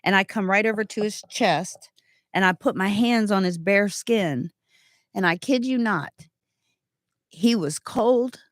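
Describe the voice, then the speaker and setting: A woman in her thirties giving an earnest, animated personal testimony, full of asides. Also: medium pitch, measured pace, no echo, studio quality.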